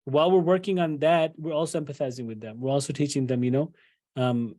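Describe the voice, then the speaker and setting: Chatty man lecturing parents, mellow tone. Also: fairly high pitch, steady tone, quick pace. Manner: conversational, many fillers and "right?" tags, acts out parent quotes. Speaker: psychologist giving a parenting talk.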